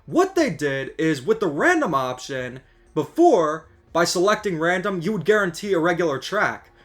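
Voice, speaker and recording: A man rants in a scripted gaming commentary, his voice sitting high and leaping around with lively swings of pitch. He sounds exasperated and lays on the sarcasm. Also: moderate pace. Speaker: gaming video creator.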